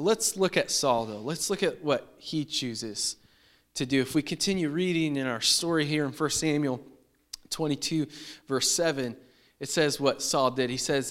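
Give me an animated preacher, a man with a high voice. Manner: animated, emphatic, acts out quotes. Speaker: pastor. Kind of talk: sermon.

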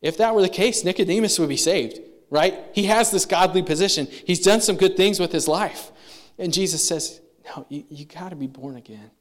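Conversational male preacher, fairly high voice. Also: normal speed. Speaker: pastor. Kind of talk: sermon.

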